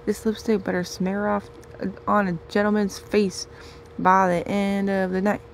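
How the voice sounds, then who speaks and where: A woman reading her own comic story in first person with a put-on twang and playful, deadpan delivery. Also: medium pitch, unhurried, a little hiss or hum.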